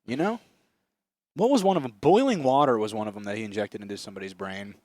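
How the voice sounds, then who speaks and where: A man's voice: lowish voice, fast talker, a little mellow, no room sound. A young man co-hosting a podcast in casual, profane comedic chat, often slipping into mocking voices. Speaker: podcast co-host.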